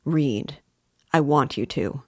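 A brooding young male student, worn thin and insistent, voiced lightly by a woman reading a classic novel. He speaks low and slowly, with an edge of irritation in his muttering. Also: husky, no echo, clean studio sound, heavily acted.

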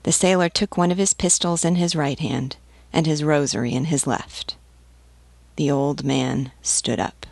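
A woman reading a novel aloud in a steady, measured narration. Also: deep voice, creaky, dry recording. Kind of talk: audiobook reading.

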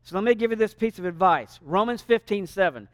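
High-voiced man preaching a lively sermon. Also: brisk, dry recording, studio quality. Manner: animated, varies loudness for emphasis. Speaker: pastor. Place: church sanctuary.

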